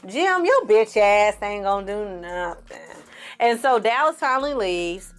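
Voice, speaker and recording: Woman, film reviewer, casual recap, sarcastic, profane, mid-pitched voice. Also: expressive, unhurried, smooth. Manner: blunt, profane and sarcastic, with exasperated outbursts.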